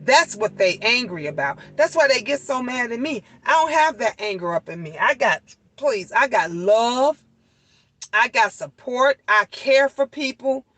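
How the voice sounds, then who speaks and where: Middle-aged woman vlogger, bright and dry, emphatic repetition. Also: fairly high pitch, a little slow, no echo, rough recording. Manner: animated, cursing, repeats herself for emphasis. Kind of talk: casual storytime talk to viewers.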